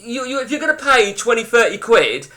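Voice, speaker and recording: High, bright-voiced man ranting. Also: very animated, fairly quick. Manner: blunt, profane, ranting. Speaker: host. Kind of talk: casual gameplay commentary chatting with viewers.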